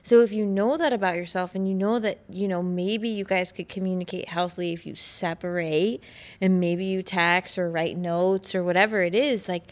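A woman's voice: fairly low pitch, steady tone. A woman co-hosting a podcast, earnestly explaining her ideas in casual chat. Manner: earnest, explains ideas, some fast bursts.

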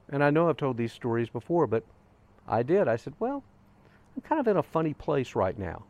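Older man, vlog host, earnest and gentle storyteller, mid-pitched voice, reflective pacing. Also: very animated, normal speed. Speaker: grief podcast host. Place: outdoors on a hiking trail.

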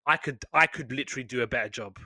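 A man co-hosting a casual chat, animated and playful, often slipping into quick voices. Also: mid-range voice, no echo. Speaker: podcast co-host. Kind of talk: casual chat about wrestling.

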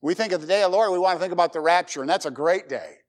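A man's voice: high voice, racing. A middle-aged man preaching a sermon, emphatic, with rhetorical questions and folksy jokes. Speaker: pastor.

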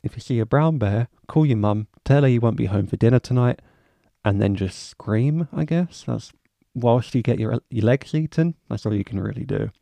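A young man talks through his solo podcast in a rambling, casual way, cursing freely and poking fun at himself. His voice sits low and mellow with a gravelly edge. The recording is close and dry. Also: moderate pace, dry recording. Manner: rambling, swears freely, self-mocking asides. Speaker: podcast host.

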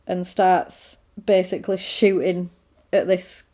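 A woman's voice: lowish voice, level tone, slow pace, dark tone. Woman, casual film recap, conversational and rambling. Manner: rambling, retelling with fillers and asides.

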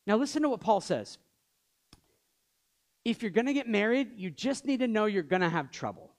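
High-voiced joking male pastor. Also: sing-song, moderate pace. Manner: conversational, joking asides. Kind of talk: sermon.

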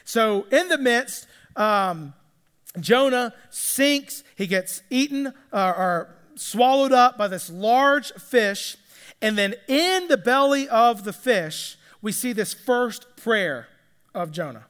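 A man's voice: very high-pitched, animated, slow, fairly bright tone, clean tone, big-room sound. A man preaching a sermon, retelling a story in a casual, conversational way and acting out the characters' lines. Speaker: pastor.

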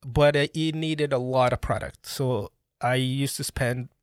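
A Colombian-born man who grew up speaking Spanish tells his story as a podcast guest. He talks in animated, restarting bursts, at a middle pitch. His voice is recorded close and dry. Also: unhurried, smooth, dry recording. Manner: animated, restarts often, bursts into laughing exclamations. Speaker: podcast guest, brand founder. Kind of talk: casual interview storytelling.

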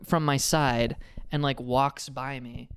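A young man telling a story in casual chat, swearing often, his voice jumping high when he gets riled. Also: steady tone, slow pace, clear, resonant tone, dry recording, clean studio sound.

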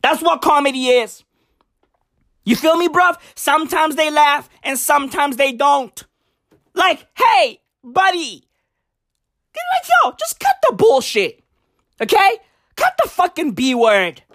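A woman's voice: high voice, very animated, slow, pauses often, fairly bright tone. A woman comedian delivering a profane, emphatic stand-up rant, hammering her points with repetition.

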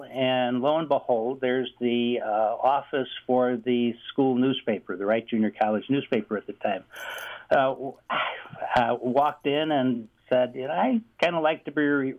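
A man in his sixties with a Chicago accent, telling stories as a radio guest in a halting, joking way with many fillers. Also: mid-range voice. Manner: halting, many fillers, self-deprecating humor. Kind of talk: radio interview storytelling. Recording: slightly dull lo-fi sound.

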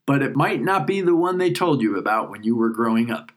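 Kind middle-aged commuter voiced by a man, gentle and plainspoken, quietly intense, mid-pitched voice. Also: animated, brisk, close to an everyday voice. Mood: calm intense. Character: calm, kind middle-aged male New York commuter.

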